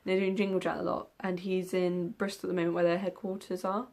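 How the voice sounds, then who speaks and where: A young book vlogger talks fast in a lowish, creaky, slightly mellow voice that barely moves in pitch. Answering tag questions in a casual vlog, she rambles loosely with many ums and an occasional yawn.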